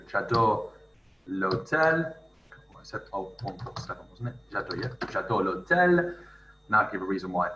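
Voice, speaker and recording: In a screen-recorded tutorial, a language teacher works through a writing exercise, thinking aloud as he types and reading French phrases slowly and carefully. His bright, forceful voice is set a bit low, and he sits back from a distant mic in a roomy space with faint noise underneath.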